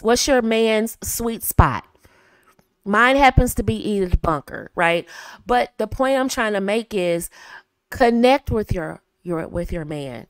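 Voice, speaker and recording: A woman hosting a coaching talk for women. She is animated and acts out little dialogues in a sweet, high voice. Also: clean tone, no echo, clean studio sound. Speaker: host.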